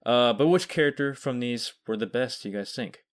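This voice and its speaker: A man's voice: mid-range voice, fairly quick. A man hosting a podcast, announcing award nominees and winners in a plain emcee style. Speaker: podcast host presenting awards.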